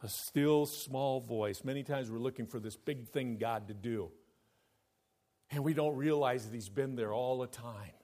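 A pastor, male, delivers a sermon at normal speed in a medium-pitched voice. His emphatic style swings between loud declarations and quiet, intimate asides.

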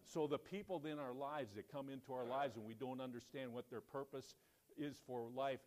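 A man preaching in church, telling a story with animated quoted lines and quieter reflective asides. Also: medium pitch. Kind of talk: sermon storytelling.

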